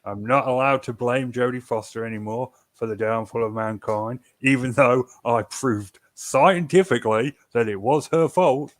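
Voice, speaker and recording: A man's voice: mid-range voice, moderate pace, few pauses, dry recording. A man co-hosting a podcast, cracking dry jokes in casual chat and reading out viewer comments. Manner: dry, wisecracking. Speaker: podcast co-host.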